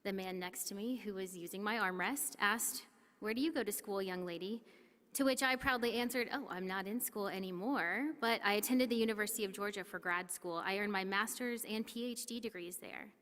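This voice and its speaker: A woman delivering a formal commencement speech in an earnest, measured way. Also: mid-range voice, a bit bright. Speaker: commencement speaker. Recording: long reverb of a large hall.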